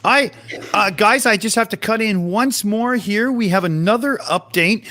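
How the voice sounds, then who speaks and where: Man, Canadian accent, jokey mock-news, bright. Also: high-pitched, normal speed. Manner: joking mock-newscaster. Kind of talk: casual chat.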